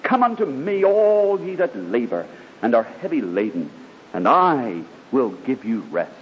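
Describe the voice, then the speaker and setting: A man's voice: big pitch swings, unhurried. Fervent male preacher in a hall. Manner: fervent, emphatic testimony. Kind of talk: sermon. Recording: dull lo-fi hall recording with faint rumble.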